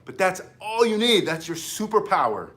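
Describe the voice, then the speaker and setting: A martial arts instructor talks straight to camera in a fairly high voice. He lectures in an emphatic, preachy way and acts out the voices of the people he quotes. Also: sing-song, normal speed, a bit bright. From United States. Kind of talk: unscripted talk to camera.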